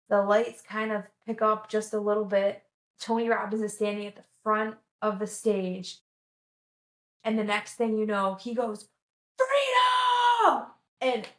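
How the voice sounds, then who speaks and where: Chatty, animated woman in an echoey room. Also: a little high. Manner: chatty, animated, lots of "like" fillers, acts out quotes. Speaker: vlogger. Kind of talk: casual storytelling recap.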